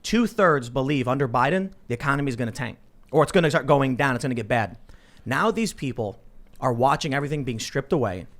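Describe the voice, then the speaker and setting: A man hosting a political talk show, telling stories in an animated, self-interrupting way. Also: mid-range voice, fast talker. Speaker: podcast host.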